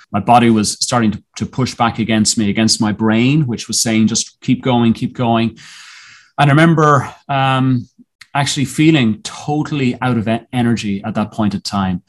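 A man as a podcast guest telling a personal story in a reflective, earnest way, often halting and restarting his sentences. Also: mid-range voice.

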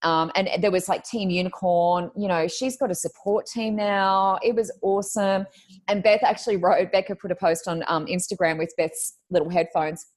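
A woman chatting as a podcast guest, telling a story in a lively, laughing way. She slips into quick impressions of the people she describes, and her voice jumps high for the funny bits. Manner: lively, laughing, mimics others' voices in quotes. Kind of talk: casual chat, animated storytelling.

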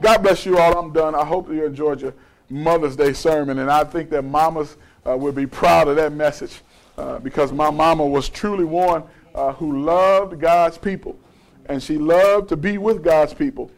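A man who is a pastor preaching a sermon, rising to shouts and dropping to hushed lows as the congregation answers. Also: fairly even intonation, moderate pace, low-quality recording. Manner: call-and-response preaching, rising to shouts then dropping low.

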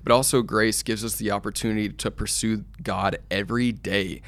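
A man's voice: lowish voice, steady tone, moderate pace, fairly bright tone. A man co-hosting a casual faith podcast, speaking animatedly and building to fired-up emphasis. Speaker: podcast co-host.

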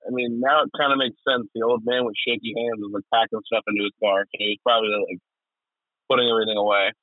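A man's voice: on the low side, steady tone, fast. A young man chats loosely as a podcast co-host, swearing freely and laughing often. His voice comes through thin and phone-like. The sound is dry and close, with no room echo. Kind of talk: casual chat.

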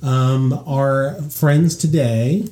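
A man's voice: mid-range voice, extremely slow, a crowd in the background. A man hosting a relationship podcast, joking and bantering playfully with his co-host. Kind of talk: casual chat.

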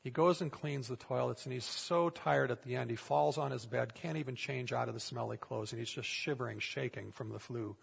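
A man preaching to his congregation, his voice rough and a little husky. He tells his story plainly, then drops into a hushed, prayerful tone. The sound rings on in a large hall with long reverb. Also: medium pitch, fairly quick, hardly any pauses. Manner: storytelling, growing soft and hushed toward a prayerful close. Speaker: pastor. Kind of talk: sermon.

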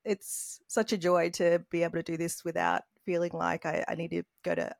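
A woman's voice: lowish voice, little pitch movement, brisk, creaky, no room sound, clean studio sound. An Australian woman, a guest miniature artist, chatting casually on a podcast and full of "like" and "you know".

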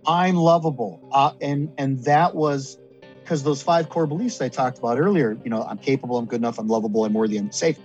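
A man's voice: medium pitch, a little fast, darkish tone, highs cut off, faint music behind. A man talking earnestly and at length about therapy and recovery, with many restarts and repetitions. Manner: earnest, rambling, repeats and restarts. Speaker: guest. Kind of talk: candid conversation about recovery.

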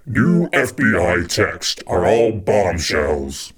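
Deep demonic voice filter. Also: male voice, big pitch swings, takes it slowly, husky, exaggerated voice. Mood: menacing. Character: demonic deep-voiced male politician, gloating. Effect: pitched-down voice filter. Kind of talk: comedic soundboard bit.

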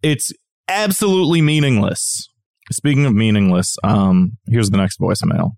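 A man's voice: on the low side, normal speed, gravelly, darkish tone, no room sound, studio quality. A man co-hosting a podcast, chatting casually and ranting with plenty of swearing. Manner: profane, ranting, exasperated. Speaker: podcast co-host. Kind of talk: casual chat.

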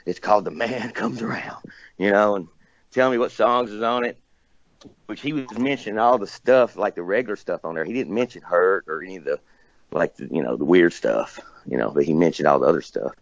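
A man's voice: deep voice, fairly quick, creaky, no room sound, highs cut off. A man from near Nashville, casually telling a rambling story as a guest, cussing and laughing often. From Tennessee, near Nashville.

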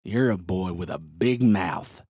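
A man voicing a smug, menacing male outlaw who talks in a low, slow drawl. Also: warm tone, breathy edge, no echo, clean studio sound, full character voice.

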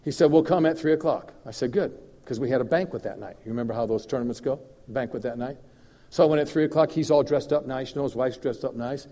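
A man preaching as a guest minister, telling a story in an animated way that swings from loud and emphatic to low and confiding. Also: fast talker. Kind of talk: storytelling sermon. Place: church hall. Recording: dull recording in a reverberant hall.

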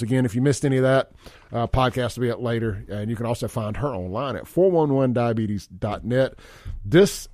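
A male radio host who talks bluntly and tells stories with energy. His voice sits at a middle pitch. The studio sound is dry and close. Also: dry recording. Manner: blunt, animated storyteller. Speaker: radio talk show host. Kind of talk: casual radio talk.

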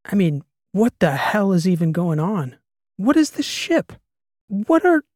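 A man's voice: fairly high pitch, moderate pace, a little mellow, no echo, studio quality, natural voice. A man voicing an agitated, incredulous male historian who keeps firing off demanding questions. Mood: exasperated.

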